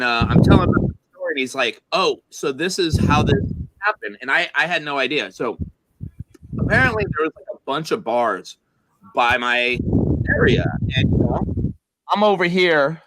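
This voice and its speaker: A man's voice: medium pitch, moderate pace, heavy background noise. A man casually telling a long, rambling, profane story to friends on a comedy chat show. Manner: rambling, profane, animated retelling.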